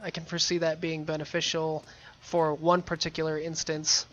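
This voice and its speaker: A man's voice: a little high, monotone, normal speed, a bit bright, dull audio, slight background noise. A man giving casual, playful commentary while playing a video game, chatty and rambling. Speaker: let's play gamer.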